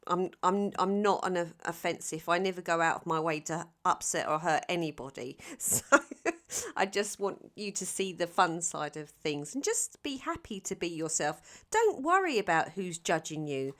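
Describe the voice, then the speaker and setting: A woman's voice: fairly low pitch, expressive, moderate pace, fairly bright tone. A woman from London with a South London Cockney accent, giving a chatty, playful tarot reading full of ums and restarts. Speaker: tarot reader. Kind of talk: casual tarot reading to camera.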